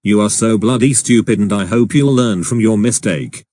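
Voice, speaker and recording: A man's voice: on the low side, moderate pace, mellow, lightly acted. A man voicing an angry, insulting boss in a cartoon, scolding in a harsh, synthetic-sounding way. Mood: furious. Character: furious, insulting male boss. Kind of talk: animated cartoon dialogue.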